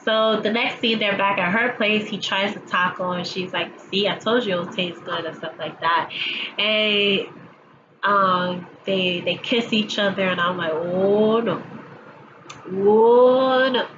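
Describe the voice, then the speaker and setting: A woman's voice: mid-range voice, steady tone, a little slow. A woman with allergies chatting through a casual episode recap vlog at home, acting out the characters' lines as she goes. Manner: chatty storyteller, acting out quotes, laughing along. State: stuffy with allergies. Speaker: TV episode reviewer. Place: at home, sirens passing outside. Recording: dull home recording with audible background noise.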